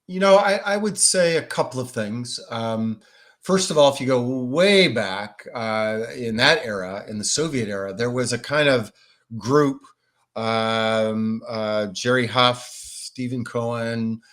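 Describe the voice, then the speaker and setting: A man's voice: mid-range voice, slow, fairly bright tone. Man as a Russia expert guest, reflective answers with restarts. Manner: thoughtful, with frequent restarts and hedging fillers. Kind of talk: conversational interview answers.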